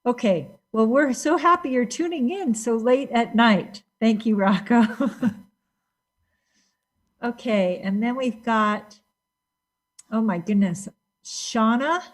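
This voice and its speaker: A woman's voice: on the high side, takes it slowly, long pauses. A woman moderating a casual group video call, greeting and calling on each participant by name in a friendly way. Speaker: discussion moderator.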